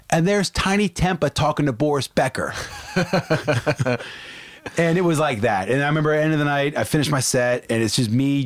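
A man's voice: mid-range voice, no room sound. A middle-aged man, a barbecue cook and DJ, telling anecdotes in casual chat and laughing at his own jokes.

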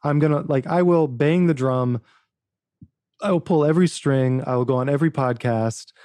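Man, author guest, animated storytelling, acts out dialogue, restarts often, mellow tone, dry close recording. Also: a little high, normal speed, dry recording. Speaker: author and book producer, podcast guest. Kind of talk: casual interview storytelling.

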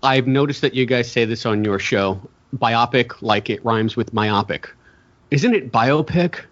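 A man's voice: medium pitch, normal speed. A man co-hosting a casual podcast, joking, rambling and cutting himself off. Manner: rambling and self-interrupting, joking. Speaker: podcast co-host. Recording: dull lo-fi sound.

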